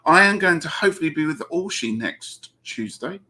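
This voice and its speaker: A man's voice: a little high, lively intonation, normal speed, pushed and bright. A man with a Southern English accent hosting a casual live-stream chat, reading out viewer comments and laughing often. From England. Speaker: host.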